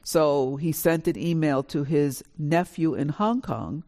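A woman in her sixties shares her family story on stage at a live panel. She is from New York and speaks with lively, animated energy. She acts out the dialogue as she goes. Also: sits low, unhurried. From New York, USA. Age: 60s. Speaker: author on a panel. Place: college auditorium with a live audience.

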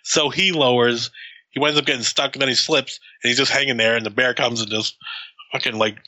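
A man in casual chat, reviewing a movie with a friend, swearing freely, laughing and acting out scenes in quick quotes. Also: medium pitch, steady tone, bright, forceful tone, rough recording.

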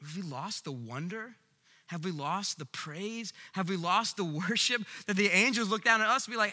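A male pastor preaching a sermon, animated, swinging between loud emphasis and hushed lines. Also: sits high, moderate pace. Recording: long reverb of a large hall.

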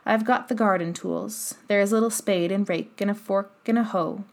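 A woman's voice: mid-range voice, gravelly, close to an everyday voice. Woman doing an easygoing Yorkshire moor boy. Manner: easy, unhurried dialect speech.

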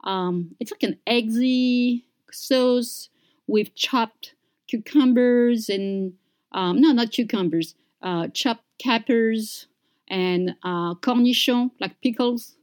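A woman teaching pronunciation, saying each word slowly and clearly and repeating it for learners. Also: on the high side, a little mellow. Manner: slow, deliberate, repeats words for learners. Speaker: French teacher. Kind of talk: slow pronunciation lesson.

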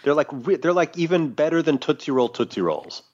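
A man's voice: a little high, expressive, fairly quick, darkish tone. A man co-hosting a podcast, teasing his co-host in casual, joking banter. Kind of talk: casual chat. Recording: slightly dull lo-fi sound.

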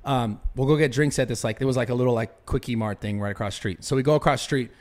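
A man's voice: medium pitch, fast. A young man on a podcast, telling a story animatedly, swearing a lot and restarting his sentences. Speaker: podcast host. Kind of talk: casual podcast chat.

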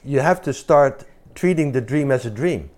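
A man's voice: mid-range voice, animated, moderate pace, a little mellow. A man leading an informal spiritual talk, pressing his listeners with repeated questions and emphatic asides. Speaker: spiritual teacher.

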